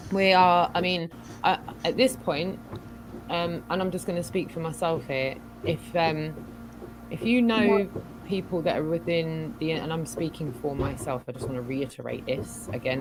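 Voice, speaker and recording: A woman in a casual online chat with an unusually deep voice. She hedges and restarts in a halting delivery. Loud background noise sits under her voice. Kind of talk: casual chat over a call.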